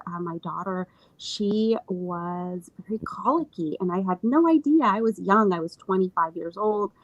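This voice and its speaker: A woman postpartum doula talking as a guest in a casual interview, earnest, with many fillers and lively retelling. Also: fairly low pitch, dry recording, low-quality recording.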